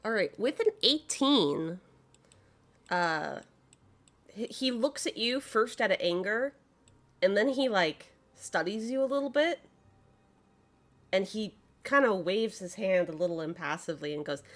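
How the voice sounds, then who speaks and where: A woman narrating a tabletop game as game master, relaxed and hesitant with many fillers. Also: medium pitch, a little slow, pauses often.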